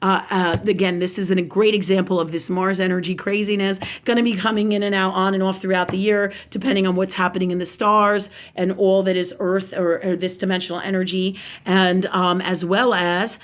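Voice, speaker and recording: A middle-aged woman hosting a spiritual video, telling a casual story in an animated way, swearing often and asking "right?" again and again. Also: medium pitch, brisk, hardly any pauses. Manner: animated, profane, lots of "right?".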